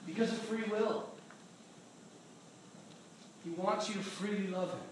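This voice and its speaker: A man preaching a sermon as pastor, animated and joking as he acts out voices. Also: high-pitched, unhurried, a little hiss or hum. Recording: echoey hall from far off.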